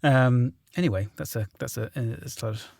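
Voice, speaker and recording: A man's voice: mid-range voice, normal speed, creaky, darkish tone, no room sound, clean studio sound. A man with a southern English accent, a guest in a casual podcast chat, talking hesitantly with many ums and restarts. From south of England.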